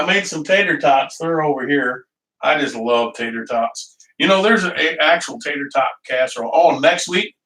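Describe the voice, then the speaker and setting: His voice is high, bright and pushed, picked up from a distance in a reverberant kitchen. The man is hosting a loose, chatty live cooking stream, laughing often and calling out viewers' names as he greets them.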